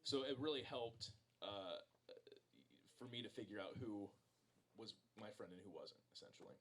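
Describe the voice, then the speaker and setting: A man's voice: lowish voice, normal speed. Rambling man telling a story to a crowd. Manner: rambling, self-deprecating, many fillers and restarts. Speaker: author speaking at a book event. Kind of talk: casual storytelling to an audience. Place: bookstore event room.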